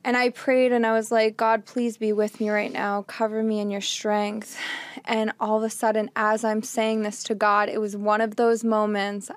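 A woman's voice: medium pitch, little pitch movement, moderate pace, dry recording. A young woman co-hosting a casual faith podcast, telling personal stories with frequent giggles and emotion. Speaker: podcast co-host.

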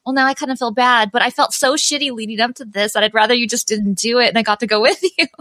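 Woman, podcast host, bright higher voice, dry close sound, chatty questions. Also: fast talker, no echo. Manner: chatty, asks guest questions. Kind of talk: casual chat.

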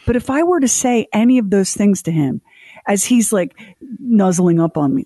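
A woman's voice: medium pitch, very animated, normal speed, dark tone, dry recording. Chatty woman radio co-host. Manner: chatty, comedic storytelling with put-on quotes. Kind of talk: casual radio chat.

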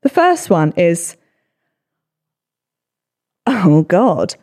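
A woman in her twenties with a low voice, hosting a solo podcast and reading comments with sarcastic, sweary, self-deprecating chat. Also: sing-song, very slow, darkish tone. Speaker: podcast host.

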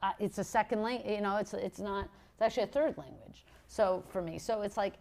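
A woman from Montreal, a podcast guest telling blunt, animated stories in casual chat, often restarting her sentences. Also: medium pitch, brisk, vocal fry. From Montreal, Canada.

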